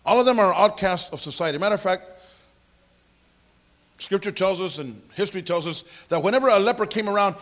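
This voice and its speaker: A man preaching a sermon, leading a prayer and explaining scripture with lively conversational asides and frequent throat clearing. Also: high voice, a little fast, pauses often. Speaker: pastor.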